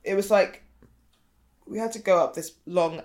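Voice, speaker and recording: A guest on a podcast chats casually in a middling pitch. The speech is hesitant, full of ums, and often trails off. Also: normal speed, darkish tone. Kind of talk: casual chat.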